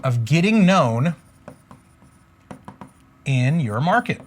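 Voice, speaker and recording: A slightly high, sing-song male voice moves at a slow pace. As a motivational business coach, he drives his points home emphatically, returns to catchphrases, and regularly asks "okay?" while illustrating on a board.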